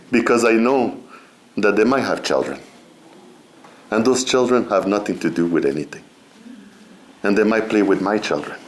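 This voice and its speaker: A middle-aged man speaking as a guest at a seminar, relaxed and conversational, often saying "you know" and laughing between points. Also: fairly low pitch, a little hiss or hum. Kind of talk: informal spiritual talk.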